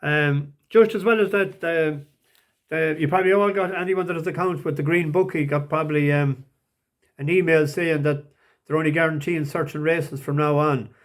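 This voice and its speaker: A man talks through his betting tips in a casual, unscripted way. His voice sits a little high for a man. He hesitates often, with plenty of ums and restarts. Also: steady tone, normal speed. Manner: hesitant, many fillers and restarts. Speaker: racing tipster.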